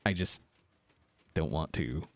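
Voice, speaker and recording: A man's voice: rumbling low, slow pace, gravelly, no room sound. A young man streaming a game, chatting casually with viewers in a slightly sick voice with a lingering cough, rambling with ums and laughs. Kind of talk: casual livestream chat answering viewers.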